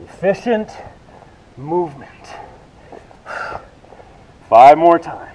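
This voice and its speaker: A man's voice: a little high, animated, drawn-out words, dark tone, lo-fi sound, slight background noise. Breathless man coaching a workout. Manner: cueing moves and counting reps while exercising. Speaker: fitness instructor.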